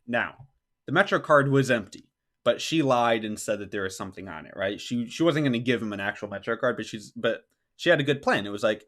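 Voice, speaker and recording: A man's voice: fairly low pitch, expressive, moderate pace, a bit bright. A man hosting a podcast who tells a personal story in a casual, rambling way. He says "like" often and acts out what people said. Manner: rambling, heavy use of "like", acts out quotes. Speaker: podcast host.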